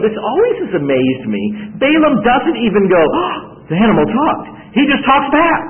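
Southern guy preaching, animated, keeps restarting, phone-thin sound. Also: high-pitched. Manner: animated storytelling, frequent restarts. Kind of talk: sermon. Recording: echoey hall, tinny phone-like sound.

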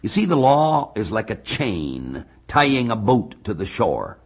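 A man giving expository Bible teaching, measured and deliberate, reading scripture slowly. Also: on the low side, very animated, breathy edge.

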